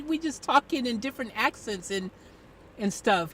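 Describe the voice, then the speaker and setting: A live streamer chatting casually, animated and rambling with many restarts, picked up a bit away from the mic. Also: mid-range voice, moderate pace, slight background noise.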